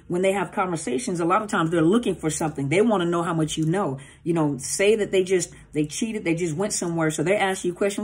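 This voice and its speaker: A woman coach teaching in a relaxed, chatty way, her voice sitting a touch low with a husky grain. She keeps breaking into short acted-out dialogues and leans on "you know" as she talks. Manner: conversational, acts out dialogue with filler-heavy asides. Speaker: coach on narcissistic abuse. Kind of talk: casual teaching talk.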